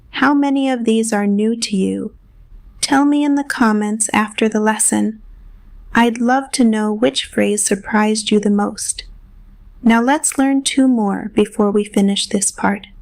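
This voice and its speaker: A woman's voice: mid-range voice, creaky, a little mellow, no echo. A woman narrating a scripted English lesson, patiently explaining simple phrases and modeling examples. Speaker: English teacher.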